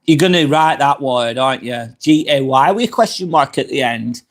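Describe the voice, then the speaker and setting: In an apartment, a middle-aged man hosts a casual livestream where he reads viewers' comments aloud, talking openly and cursing freely. His mid-range voice is expressive, and he keeps a moderate pace.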